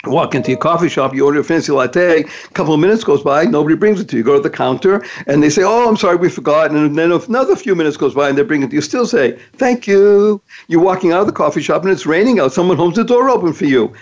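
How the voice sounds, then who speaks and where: Man, podcast host, upbeat motivational talk, fairly high voice, muffled lo-fi sound. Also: animated, rapid-fire, few pauses. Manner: upbeat, emphatic, playful acronyms.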